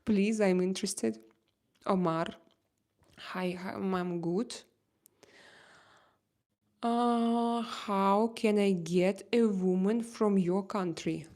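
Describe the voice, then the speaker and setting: A Russian woman with a Russian accent hosting a casual livestream chat, reading comments and pausing often to search for English words. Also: medium pitch, a little mellow. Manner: halting, searching for English words, many fillers. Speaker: livestream host.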